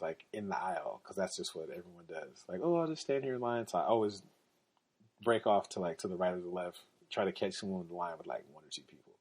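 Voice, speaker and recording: A man hosting a podcast, telling casual stories in an animated, slangy way and laughing often. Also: lowish voice, slightly rough. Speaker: podcast host. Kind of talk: casual storytelling.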